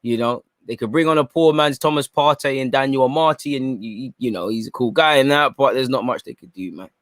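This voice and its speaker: A man's voice: mid-range voice, fairly quick, dry recording, studio quality. A young man giving chatty live commentary during a football watchalong stream and reacting to viewer comments.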